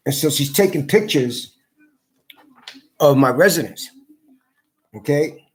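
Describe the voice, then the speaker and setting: Man, slightly high voice, furious profane rant, repetitive. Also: animated, slow pace, breathy edge. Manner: profane, heated, repeats himself. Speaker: vlogger. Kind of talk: angry rant to camera.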